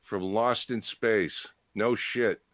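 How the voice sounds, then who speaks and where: A man's voice: lowish voice, steady tone, slow, fairly bright tone, no echo, clean studio sound. A middle-aged man hosting a casual chat, rambling and laughing, often restarting his sentences. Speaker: podcast host. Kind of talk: casual bar-style chat.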